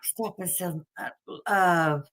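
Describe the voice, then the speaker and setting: A woman's voice: fairly low pitch, slow. Chatty Southern woman hosting a livestream. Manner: chatty, warm-hearted, folksy, laughs often. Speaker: livestream host. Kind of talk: casual livestream chat.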